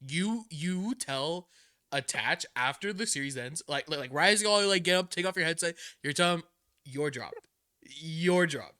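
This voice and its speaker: A young man co-hosting a casual esports podcast, excitable and quick to laugh, often repeating words. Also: a little high. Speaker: podcast co-host. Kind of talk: casual chat.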